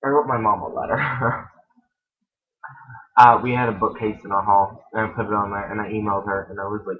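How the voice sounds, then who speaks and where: A man's voice: fairly low pitch, fairly even intonation, brisk, long pauses. Teen male vlogger, casual and rambling with frequent giggles, muffled webcam audio. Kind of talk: casual confessional vlog.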